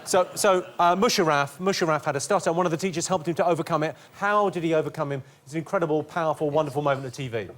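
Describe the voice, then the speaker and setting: A man hosting a comedy quiz, delivering scripted deadpan one-liners in a TV studio. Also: fairly high pitch, racing, few pauses. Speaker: quiz host. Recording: TV studio with audience laughter. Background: studio audience laughing.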